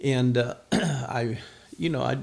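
Older guy pastor, gravelly voice, slow sermon, lots of uh pauses. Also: medium pitch, a little mellow. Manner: slow emphatic declarations with frequent "uh" pauses.

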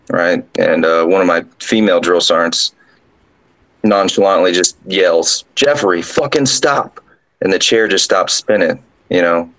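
A drill sergeant guest casually telling a ghost story, rambling along with lots of fillers. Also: male voice, low voice, fairly bright tone, low-quality recording.

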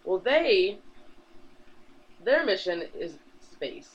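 A man co-hosting a podcast, casually retelling a comic book plot in a rambling way, swearing freely and dropping into quick character voices. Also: high voice, very animated. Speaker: podcast co-host. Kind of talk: casual chat, recapping a comic. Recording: dull lo-fi recording.

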